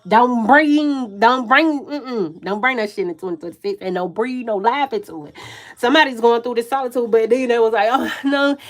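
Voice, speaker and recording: A woman with a country Southern accent doing a live tarot reading, loud and profane, often laughing and stumbling over her words. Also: on the high side, quick pace. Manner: profane, slangy, self-interrupting. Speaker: tarot reader.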